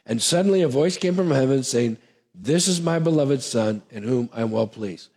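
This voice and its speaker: A man's voice: medium pitch, animated, moderate pace, darkish tone, husky. A male pastor giving an earnest, conversational sermon, with frequent restarts and asides. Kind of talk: sermon teaching.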